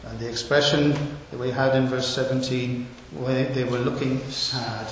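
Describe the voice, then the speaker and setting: A man's voice: mid-range voice, fairly even intonation, moderate pace. A man preaching an expository sermon, asking rhetorical questions and stressing key words. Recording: echoey hall with hiss.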